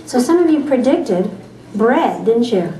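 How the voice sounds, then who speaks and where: A woman's voice: on the high side, big pitch swings, a little slow, a crowd in the background. Encouraging woman teacher, echoey classroom. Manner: encouraging, patient, praises often. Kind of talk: guided reading lesson with a small group of children. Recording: echoey classroom, distant mic.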